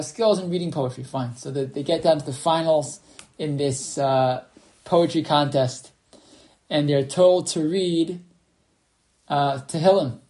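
A man's voice: on the high side, dark tone. A man teaching a Torah class over a video call, telling a story and reading sources, with many fillers and restarts. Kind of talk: online class lecture.

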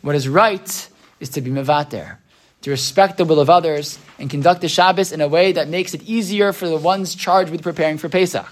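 A man's voice: fairly high pitch, brisk. Chatty man teaching a Torah class. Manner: chatty, keeps asking "right?"; acts out quoted voices in his retelling. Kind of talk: casual Torah class lecture.

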